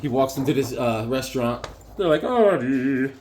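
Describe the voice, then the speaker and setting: A man talking casually and excitedly, rambling through his collection with lots of fillers and restarts. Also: medium pitch, fairly quick, a little hiss or hum. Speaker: comic book collector reviewing issues. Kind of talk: casual show-and-tell vlog.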